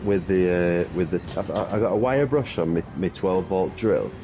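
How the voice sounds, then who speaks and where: A man rambling excitedly and swearing in casual chat. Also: sits low, moderate pace. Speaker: car enthusiast. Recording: dull lo-fi audio with faint noise.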